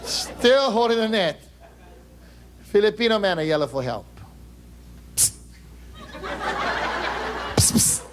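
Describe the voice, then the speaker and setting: A male comedian, telling jokes live on stage through a microphone. His voice is strikingly high and his delivery lively and chatty, breaking off to joke with the crowd. A faint room hum runs underneath. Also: slow pace, long pauses.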